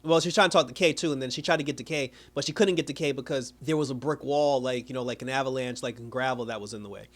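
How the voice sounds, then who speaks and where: A man's voice: mid-range voice, fast, hardly any pauses, a bit bright. A man recapping a TV episode in a loose, rambling way, full of slang and filler words, often laughing as he goes. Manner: slangy street talk. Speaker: TV show reviewer.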